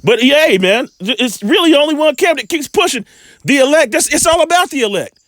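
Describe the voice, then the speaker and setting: A man with a high, lively voice works through scripture verse by verse. He stretches the readings out slowly and deliberately, then drops into relaxed, casual commentary between them. The sound is close and dry, with no room around it. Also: dry recording. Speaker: scripture teacher.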